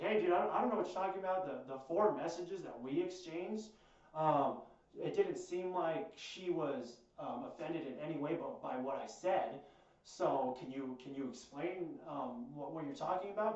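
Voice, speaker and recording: A man's voice: a little high, moderate pace, darkish tone, distant mic. A young man telling a long personal story in a rambling, profane way, full of fillers and restarts. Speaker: storytime host. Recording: echoey room, voice set back from a dull mic.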